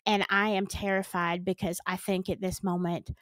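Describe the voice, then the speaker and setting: A woman's voice: medium pitch, little pitch movement, moderate pace, a bit bright, no room sound. Earnest Southern woman telling a story. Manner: earnest, dramatic retelling with nervous laughs. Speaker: storytime vlogger. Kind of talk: casual personal storytelling.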